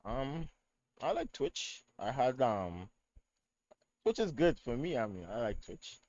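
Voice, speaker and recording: A Trinidadian-accented man talking as a guest over a call, often hesitant and repeating words. His voice is mid-pitched for a man. It comes through dull and muffled but dry. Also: big pitch swings, slow pace, a little mellow, no echo. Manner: hesitant, repeats words while searching for them. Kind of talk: casual interview over call.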